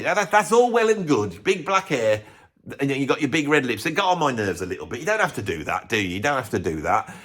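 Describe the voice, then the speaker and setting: A man, a drummer and music vlogger, giving a sarcastic, animated, opinionated rant to camera. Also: mid-range voice, fairly quick. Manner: sarcastic, animated, self-mocking.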